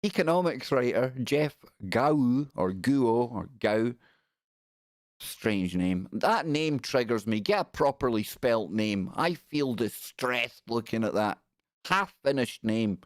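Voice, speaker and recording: A man's voice: medium pitch, expressive, slow, dry recording, studio quality. A middle-aged man hosting a live stream, giving sarcastic, exasperated commentary on the news.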